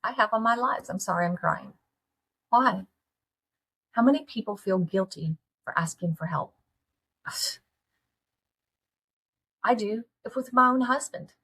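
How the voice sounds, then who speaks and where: A middle-aged woman, hosting a candid solo talk and speaking to listeners in an earnest, folksy, animated way. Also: medium pitch, measured pace, pauses often, slightly rough. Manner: earnest, folksy, animated, with laughs and direct questions to the audience. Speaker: podcast host.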